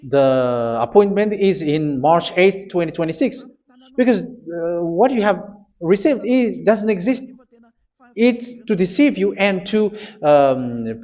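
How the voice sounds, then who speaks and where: A man preaching a sermon, insistent and repetitive, often pausing with hesitations. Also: high-pitched, a little mellow. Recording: dull lo-fi recording.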